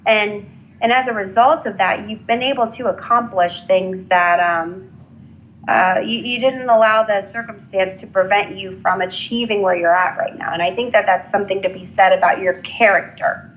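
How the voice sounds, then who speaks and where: Earnest halting woman psychic reader. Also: mid-range voice, lo-fi sound, a little hiss or hum. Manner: halting, many restarts and fillers, earnest. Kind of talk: live intuitive reading, casual.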